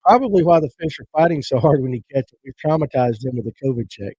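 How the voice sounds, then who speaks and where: Male livestream host, folksy joker, mellow slightly husky voice, lo-fi stream sound. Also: mid-range voice, lively intonation, fast, no room sound. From Georgia. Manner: joking, rambling, folksy banter. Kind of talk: casual livestream chat reading viewer comments.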